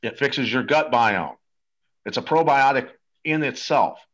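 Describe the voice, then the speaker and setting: A man's voice: medium pitch, lively intonation, a little slow, fairly bright tone, muffled recording. A man talking as an interview guest, eager and salesy, rambling with many restarts. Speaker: guest promoting a supplement. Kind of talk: casual interview talk.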